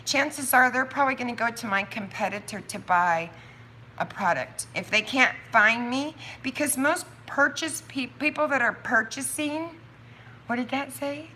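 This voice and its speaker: A woman chatting on her own live stream about her soap business, thinking out loud with quick asides and laughs. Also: a little high, a little hiss or hum. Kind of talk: casual livestream chat.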